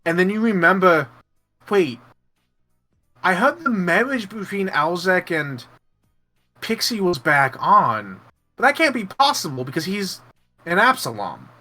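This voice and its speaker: A man running a tabletop game, rambling and laughing as he narrates and slips into quick side characters. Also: sits high, very animated, bright, forceful tone, faint music behind. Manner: rambling, laughing, lots of fillers and restarts. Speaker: game master. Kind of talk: narrating a tabletop game, voicing NPCs in passing.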